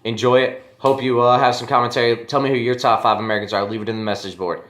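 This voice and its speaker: Brash, profane male host of a casual fantasy league recap, mid-pitched, recorded in a roomy space. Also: steady tone, quick pace, a bit bright, slight background noise. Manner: brash, joking, profane, addresses league mates directly. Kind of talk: casual solo commentary.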